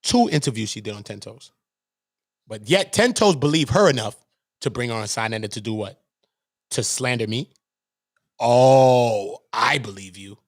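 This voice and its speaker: A man's voice: medium pitch, fairly quick, pauses often, no room sound, clean studio sound. A man from Brooklyn with a New York accent, hosting his own channel in a heated, profane rant, repeating himself and acting out what others said. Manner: animated, repetitive, profane, acts out quoted voices. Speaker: channel host.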